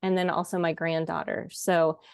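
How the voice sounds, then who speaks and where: An earnest woman in her fifties introduces herself on a video call panel, steady and sincere. Her voice is low and smooth, and the sound is close and dry. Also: normal speed, dry recording. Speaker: literacy trainer.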